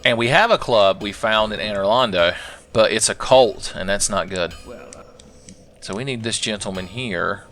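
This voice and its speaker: A man's voice: lowish voice, a bit bright. A man hosting a let's play, rambling through profane, sarcastic gaming commentary. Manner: rambling, sarcastic, swears a lot.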